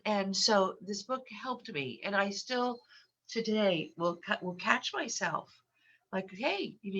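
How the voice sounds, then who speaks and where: A woman's voice: medium pitch, a bit bright. An older woman with a cold and a stuffy nose, a guest on a podcast interview, speaking with frequent stuttered repetitions and restarts. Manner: stutters with repeated sounds and restarts. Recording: muffled lo-fi audio.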